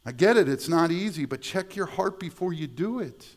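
With a fairly high, animated voice at a moderate pace, this middle-aged man preaches to a church sanctuary. His sermon feels conversational, full of repeated words and little asides.

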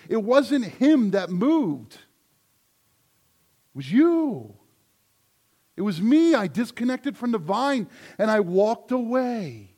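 A man preaching from the pulpit in a fairly high voice. He leans hard on key words with loud declarations, then drops to soft, quiet asides. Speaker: pastor. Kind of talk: sermon.

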